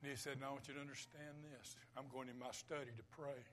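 A man preaching a sermon, swinging between loud declarations and hushed whispers. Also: mid-range voice, level tone, fast, slight background noise.

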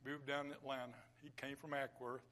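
A man preaching a sermon, swinging between loud declarations and hushed whispers. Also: medium pitch, little pitch movement, quick pace.

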